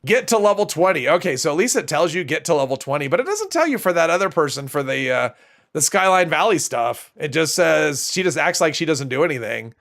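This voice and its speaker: A gaming streamer with a stuffy nose rambles through casual livestream commentary, thinking aloud while he plays. His voice sits a little high, gravelly with vocal fry, and he talks briskly with big swings in pitch.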